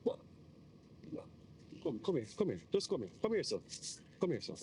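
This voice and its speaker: An actor playing a flustered pastor who pleads and tries to calm an angry young man. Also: a little high, moderate pace, slight background noise. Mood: urgent. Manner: pleading, placating, hushing.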